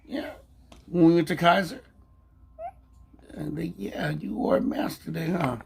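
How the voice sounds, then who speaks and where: A man's voice: on the high side, steady tone, unhurried, vocal fry, a little hiss or hum. An older man hosting a casual vlog, teasing and joking in a folksy, playful way with his grandson. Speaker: vlog host. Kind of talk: casual live chat with grandson.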